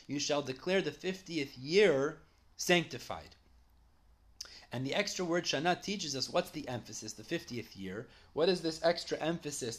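A man's voice: a little high, a bit bright. A man giving a Talmud study lecture, reading Aramaic phrases and translating each into plain English. He explains step by step in a conversational way and corrects himself as he goes. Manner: conversational, with small self-corrections. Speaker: Talmud teacher.

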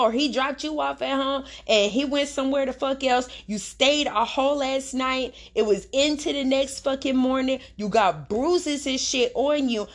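Woman, young adult, podcast host, slightly high voice, blunt, profane, slangy monologue. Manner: profane, blunt, heavy slang, dramatic retelling. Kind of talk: casual commentary monologue.

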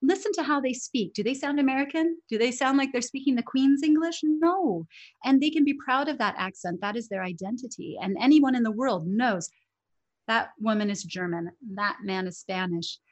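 A woman's voice: fairly high pitch, normal speed. Woman english coach chatting in an interview, earnest and emphatic, laughs a lot. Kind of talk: conversational interview.

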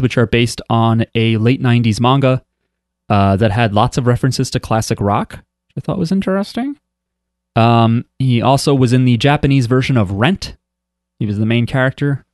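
A man chats loosely on a podcast, wandering through his thoughts with plenty of fillers. His voice sits at an ordinary middle pitch. The recording is dry and close. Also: a little mellow, no echo. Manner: rambling and chatty, with many "um" and "like" fillers. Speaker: podcast co-host. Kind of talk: casual chat.

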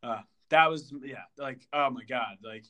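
A young man co-hosting a podcast, telling a story in casual chat, animated and full of fillers and stutters. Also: medium pitch, unhurried. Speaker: podcast co-host.

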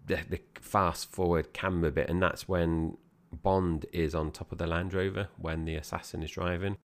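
A man's voice: deep voice, level tone, moderate pace. A man co-hosting a casual film review podcast, talking in a chatty, friendly way. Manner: chatty, friendly, calls partner mate.

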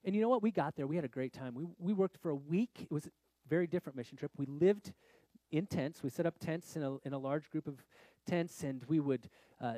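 Middle-aged guy pastor telling a story in a sermon, gets loud then goes quiet, dry close sound. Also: on the high side, dry recording. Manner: animated, swings from loud exclamations to quiet confession.

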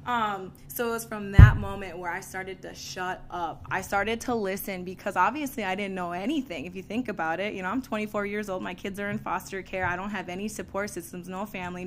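A woman giving a candid, animated personal testimony to an audience, laughing often and using casual fillers. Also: medium pitch, fairly quick, slight background noise. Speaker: speaker sharing a recovery story.

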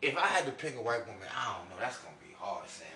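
A man from New York doing a loud, preachy comic monologue that swings between high and low. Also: very animated, quick pace, distant mic, slight background noise. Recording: echoey room, from off-mic.

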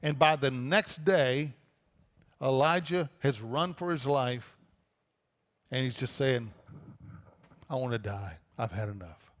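A man's voice: fairly high pitch, in a large hall. A man preaching a sermon, reading a scripture passage aloud and then explaining it with rhetorical questions. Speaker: pastor.

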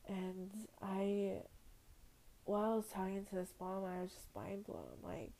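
Young woman, teacher, heartfelt podcast talk, close to tears, slow and gravelly. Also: medium pitch, fairly even intonation, mellow, low-quality recording. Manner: heartfelt, emotional, slow and reflective. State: tearful, near crying. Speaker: before and after care teacher.

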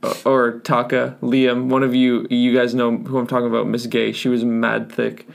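Young male podcast co-host, gravelly voice with lots of fry, laid-back and joking. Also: medium pitch, completely flat delivery, moderate pace. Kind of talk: casual chat.

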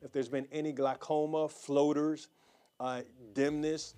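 A man with a somewhat high voice prays fervently and exhorts his congregation. He repeats phrases and restarts often. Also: little pitch movement, measured pace, warm tone. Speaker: pastor. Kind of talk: prayer and offering appeal.

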